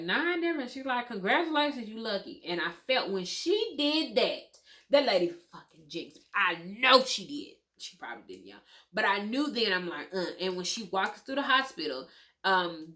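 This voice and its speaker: A woman's voice: mid-range voice, pushed and bright. A young adult woman telling her birth story to viewers in a candid, emotional, casual storytime, swearing freely.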